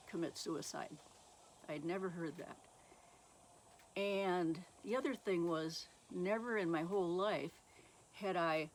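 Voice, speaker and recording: A woman author giving an earnest, measured Christian testimony and reading passages aloud from her own book. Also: on the low side, a little hiss or hum.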